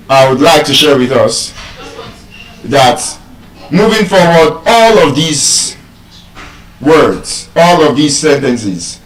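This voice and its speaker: A Nigerian man teaching English word stress to a live audience, animated and quizzing the crowd with questions. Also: on the high side. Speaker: public speaker teaching pronunciation. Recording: echoey hall, voice from far off.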